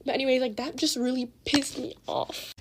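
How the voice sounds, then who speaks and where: A teenage girl telling a casual storytime with lots of slang and cursing, animated as she retells the drama. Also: high voice, moderate pace, noisy background. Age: teens.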